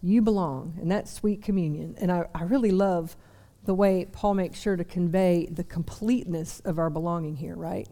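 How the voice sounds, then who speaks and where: A woman's voice: on the low side, fairly even intonation, normal speed, hardly any pauses, mellow. A young woman preaching a sermon to a seated congregation, chatty with self-deprecating asides. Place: church service before a seated audience.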